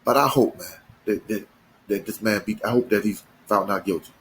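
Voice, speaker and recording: A man's voice: fairly low pitch, brisk, fairly bright tone, slight background noise, rough recording. A man giving an emphatic, slangy commentary monologue, full of repeats and restarts. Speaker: commentary channel host.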